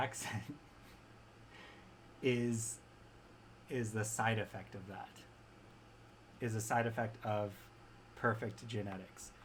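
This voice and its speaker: An enthusiastic man chats casually, rambling through his thoughts and tossing in "right?" as he goes. His voice sits at an ordinary middle pitch, with a faint bit of ambient noise behind him. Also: rough recording. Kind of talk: casual chat.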